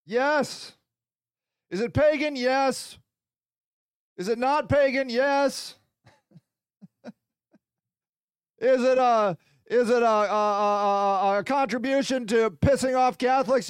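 Very high-voiced man ranting profanely. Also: takes it slowly, pauses often, clean tone, dry recording, clean studio sound. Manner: profane, rambling, acts out mock dialogues. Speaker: podcast host. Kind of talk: solo comedic rant.

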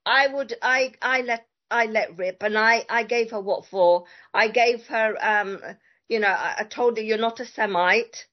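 A woman's voice: fairly high pitch, unhurried. A woman guest in casual conversation, telling a story emphatically and indignantly, with many fillers. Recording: dull lo-fi audio.

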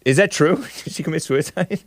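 A man's voice: on the high side, fairly quick, dry recording. A man hosting a call-in talk show, joking and laughing often as he chats. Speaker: radio show host.

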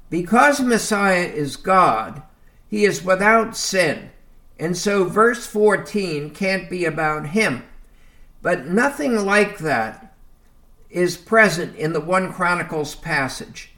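Slow, bright-voiced man teaching scripture. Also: high voice, expressive. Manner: slow, deliberate, reads scripture aloud and explains it; addresses listeners as folks. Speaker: Bible teacher. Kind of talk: Bible teaching talk.

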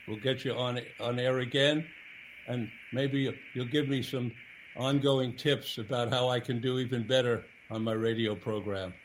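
Earnest halting male radio host. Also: medium pitch, fairly even intonation, slight background noise, rough recording. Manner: earnest, halting with repeated words. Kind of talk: radio interview and sign-off.

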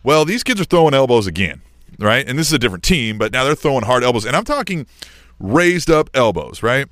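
A middle-aged man co-hosts a podcast, telling a story in casual, animated chat and repeatedly tacking "right?" onto his sentences. His mid-range voice moves briskly, captured in a dry, clean studio recording.

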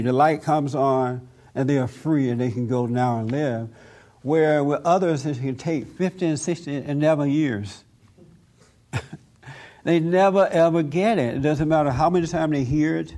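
Gravelly, mellow man telling a story. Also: a little high. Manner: relaxed storytelling, acts out both sides of a dialogue. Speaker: Christian speaker telling a testimony. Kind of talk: spoken testimony, storytelling.

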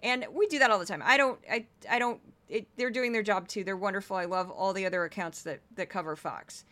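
A woman's voice: medium pitch, a little fast, pushed and bright. A woman from St. Louis hosting a podcast, ranting with exasperation about petty critics and reading news items. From St. Louis, USA. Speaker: podcast host. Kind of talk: casual commentary.

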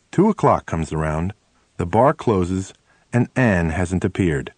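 A man narrating a first-person memoir as an audiobook, telling the story in a lively, expressive way on a close mic. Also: deep voice, a little slow, no room sound.

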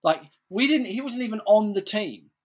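A man's voice: sits high, lively intonation, normal speed, breathy edge. A man telling stories in casual chat, rambling, swearing freely and saying "like" constantly.

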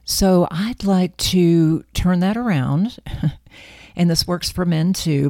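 A woman hosting her own talk as a wealth coach, speaking in a calm, measured, reflective way and drawing out her words. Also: fairly low pitch, no echo, clean studio sound. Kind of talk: scripted talk to camera.

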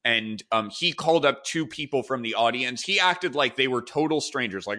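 Bright-voiced man telling casual stories. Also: mid-range voice, normal speed. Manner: rambling, animated storyteller with many fillers and restarts. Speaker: podcast host. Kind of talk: casual storytelling chat.

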